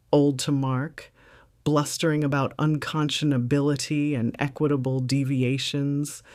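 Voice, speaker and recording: A woman's voice: rumbling low, a little mellow, dry recording, clean studio sound. A middle-aged woman narrating her own story in the first person with a composed, wry, reflective delivery.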